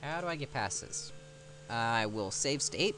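A man's voice: medium pitch, expressive, unhurried, over music. A man giving casual let's-play commentary, rambling and mocking himself as he plays. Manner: rambling, self-mocking asides.

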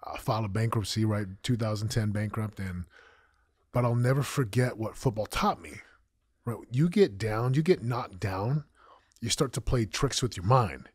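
Husky-voiced man telling his story. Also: on the low side, moderate pace, dry recording, clean studio sound. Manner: emotional, animated storytelling with acted-out quotes. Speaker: guest, former football champion and coach. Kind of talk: candid storytelling interview.

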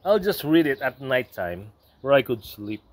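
A man casually unboxing a product, reading the label aloud and breaking into excited asides, at home in New Zealand. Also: medium pitch, normal speed. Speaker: unboxing vlogger.

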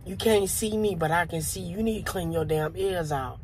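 A man voicing a streetwise male cockroach who talks in a gruff, profane, bargaining way. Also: high voice, brisk, a little hiss or hum, pitched below the performer's own voice, close to an everyday voice. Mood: bossy. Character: streetwise talking male cockroach, bossy and blunt.

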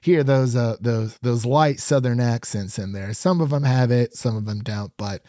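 A man's voice: mid-range voice, normal speed, warm tone, dry recording, studio quality. A man co-hosting a podcast, chatting casually and laughing often as he rambles through a review. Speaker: podcast co-host.

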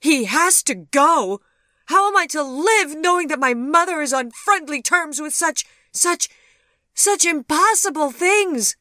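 A woman voicing a frantic storybook daughter who shrieks in a piercing high voice, every line loud and panicky. The sound is bright and dry, close to the mic. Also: expressive, a little slow, no room sound, heavily acted. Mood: outraged.

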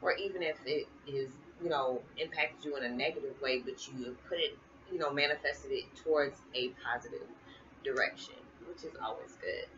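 A tired middle-aged woman chatting casually to her viewers, colloquial and quick to laugh. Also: rumbling low. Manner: chatty, laughs often, colloquial Southern-leaning speech. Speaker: spiritual vlogger. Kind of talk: casual chat to camera. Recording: muffled with noticeable background hiss.

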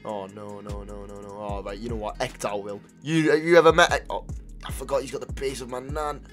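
A young man commentating his own football video game, swinging between excited shouts and low mutters, swearing freely. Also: fairly quick, soft background music. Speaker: gaming YouTuber. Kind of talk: live gameplay commentary.

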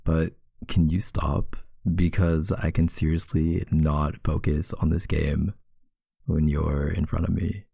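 Low, gravelly man in whispered role-play. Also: level tone, takes it slowly, no echo, studio quality. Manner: playful teasing, soft and intimate. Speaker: boyfriend role-play voice actor.

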